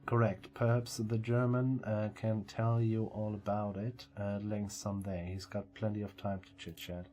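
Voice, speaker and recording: A man voicing a sly, lecturing male elf mage, reading the lines slowly in a plain low voice. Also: level tone, warm tone, close to an everyday voice.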